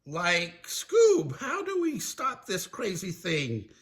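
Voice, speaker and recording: An older man voicing a goofy, always-hungry young male slacker with high strained yelps. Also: wildly swooping pitch, takes it slowly, fairly bright tone, exaggerated voice. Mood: panicked.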